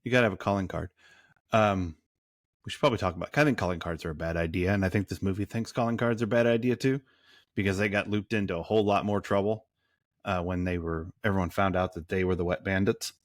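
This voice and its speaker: A man's voice: low-pitched, steady tone, quick pace, no room sound. A man co-hosting a movie podcast in casual chat, rambling and cursing, full of fillers and restarts. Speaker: podcast co-host.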